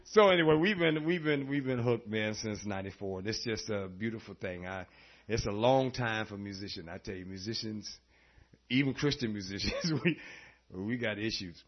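A man preaching a sermon, telling stories in an animated way and laughing often. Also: fairly low pitch, moderate pace. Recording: dull lo-fi recording.

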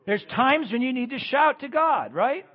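A man preaching a sermon as pastor, swinging between loud emphatic lines and quiet ones. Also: extremely high pitch, sing-song, normal speed, husky, phone-quality sound.

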